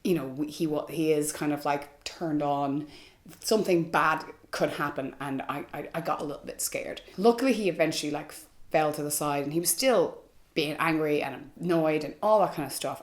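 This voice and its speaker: A woman's voice: low-pitched, a little fast. A young woman vlogger telling a personal story to camera, candid and frank, with lots of "like" and "you know". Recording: echoey room.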